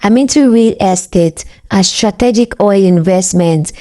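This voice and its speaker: A man's voice: sits high, unhurried, warm tone. Woman doing a boastful young con man. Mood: confident. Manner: boastful, smooth and confident. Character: smooth-talking young man faking a rich life.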